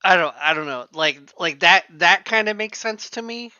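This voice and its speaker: A man's voice: sits high, animated, moderate pace, sharp tone, clear, resonant tone, no room sound, dull audio. A man co-hosting a podcast in casual chat, hesitant and repeating his words. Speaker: podcast co-host.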